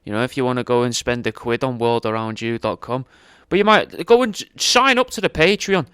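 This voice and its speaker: Smooth, dry-voiced podcast host. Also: male voice, on the high side, fairly bright tone, dry recording. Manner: chatty, crude, offhand. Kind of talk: casual podcast chat.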